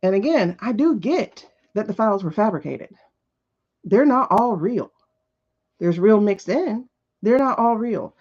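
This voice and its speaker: A woman with a mid-range, expressive voice, slightly slow and a bit mellow, hosts a live tarot show. She talks casually and bluntly, throwing out repeated profane rhetorical questions in opinionated livestream chatter. The audio is dull and lo-fi.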